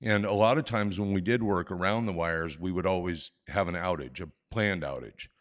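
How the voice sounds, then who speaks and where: A man in his sixties telling a personal story live on stage into a microphone, animated and self-mocking with frequent chuckles. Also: low-pitched, normal speed.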